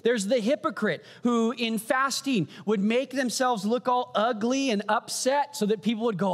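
A man preaching a sermon, animated, often asking the audience "right?" and posing rhetorical questions. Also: very high-pitched, a little slow, few pauses. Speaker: pastor. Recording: long hall reverb.

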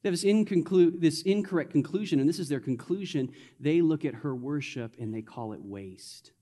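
A man with a fairly high voice preaches to his congregation, with a loose, conversational delivery and playful asides. His voice rings out with a long reverb from the church hall. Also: expressive, normal speed, warm tone. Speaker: pastor. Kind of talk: sermon. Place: church sanctuary.

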